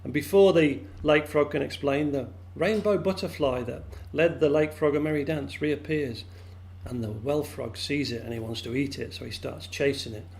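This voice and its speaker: A man telling a folk tale to friends over a video call, lively and animated, jumping into high squeaky voices for the characters. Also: moderate pace, creaky. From England. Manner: lively, acts out frog voices with big pitch jumps. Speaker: storyteller.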